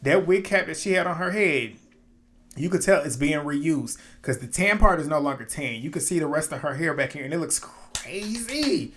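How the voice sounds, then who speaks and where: A man giving a casual, opinionated recap of a reality show episode, animated, often laughing and swearing. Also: a little high, normal speed.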